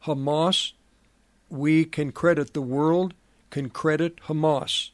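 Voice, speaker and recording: A middle-aged man hosting a prophecy commentary program, speaking in a slow, halting way with many fillers and restarts. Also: fairly high pitch, fairly even intonation, no room sound. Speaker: radio program host.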